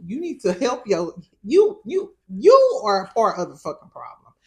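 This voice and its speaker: A woman's voice: medium pitch, wildly swooping pitch, moderate pace, warm tone. A woman with a St. hosting a casual recap of a reality show, sassy and profane, laughing often. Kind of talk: casual reaction commentary.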